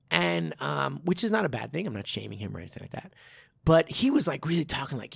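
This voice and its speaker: Male podcast host and martial arts instructor; gravelly, dry close sound, animated and blunt. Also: fairly high pitch, brisk, dry recording. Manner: animated storytelling, swears, acts out quotes. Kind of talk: casual chat.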